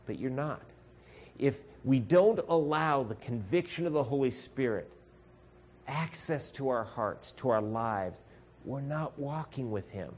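A man preaching a sermon as pastor, earnest and direct, calling his listeners folks. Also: medium pitch. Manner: earnest, addresses congregation as folks, acts out shouted voices.

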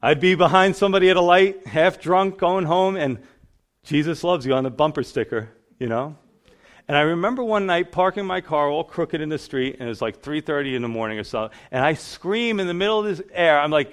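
A man's voice: fairly high pitch, expressive, a little fast. New pastor telling his story. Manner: storytelling, acts out voices in quotes. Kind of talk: sermon testimony.

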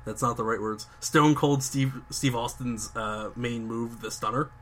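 A young man hosting a podcast, telling a long story with excitement, lots of fillers and restarts. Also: mid-range voice, a little slow, slight background noise. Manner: enthusiastic, rambling storytelling with many fillers and restarts. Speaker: podcast host. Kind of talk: casual chat.

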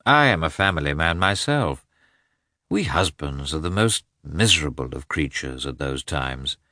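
A man reading an audiobook, voicing a calm, unhurried middle-aged doctor with a gently teasing manner. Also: very deep voice, no echo, studio quality, exaggerated voice. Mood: amused. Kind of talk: audiobook character voice.

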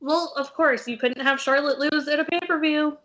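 A woman's voice: high voice, steady tone, normal speed, a bit bright. A young woman co-hosting a casual chat, chatty and opinionated. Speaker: podcast co-host. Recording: dull lo-fi recording.

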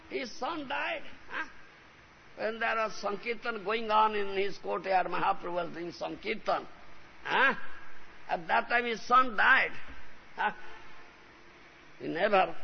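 Male spiritual teacher, devotional lecture, emphatic, heavy vocal fry, lo-fi tape. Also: sits high. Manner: emphatic, repeats a questioning "huh?". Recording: lo-fi recording with faint hiss.

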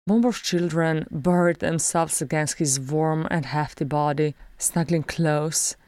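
Casual woman reading fantasy fan fiction aloud, slow, dry close mic. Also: sits low, no room sound. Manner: slow, even storytelling. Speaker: audiobook reader.

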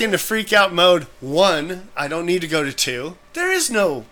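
A young man telling a story in casual chat, animated and breaking into quoted voices. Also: high voice, normal speed. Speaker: podcast co-host telling a story.

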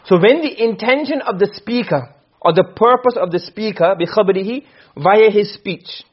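Captured on a dull lo-fi classroom recording, this man's high, expressive voice has a breathy edge and moves at normal speed. Lecturing on Arabic rhetoric, he works through the material step by step, performs brief quoted exchanges, and keeps confirming his students are with him.

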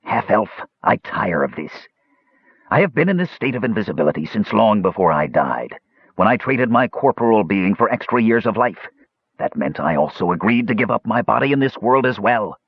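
A man rasping as a menacing bodiless dead wizard. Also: on the low side, very animated, normal speed, no echo, dull audio, full character voice. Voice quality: rasping, hissing. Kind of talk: audiobook character voice.

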